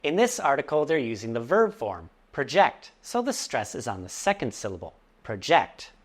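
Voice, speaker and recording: An English teacher giving a scripted vocabulary lesson, explaining words clearly and slowly, with playful asides. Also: medium pitch, huge pitch swings.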